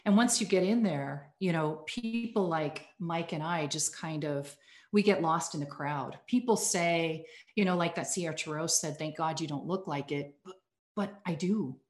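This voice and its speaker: A woman's voice: low-pitched, moderate pace, darkish tone. Earnest woman telling a story, echoey room. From United States. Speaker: podcast guest, communications executive. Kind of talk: casual storytelling interview.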